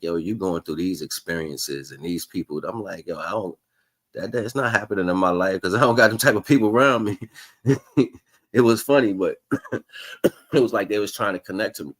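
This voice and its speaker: A man's voice: low-pitched, a bit bright. A man hosting his own livestream, giving a casual, slangy spiritual monologue that rambles and keeps checking in with "you know what I'm saying". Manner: rambling, musing delivery with restarts. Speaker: livestream host.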